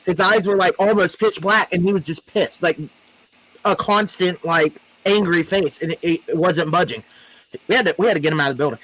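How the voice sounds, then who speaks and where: A man's voice: high voice, brisk, a bit bright, dry recording, low-quality recording. A man hosting a casual live-stream chat, reading out viewer comments and questions. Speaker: host.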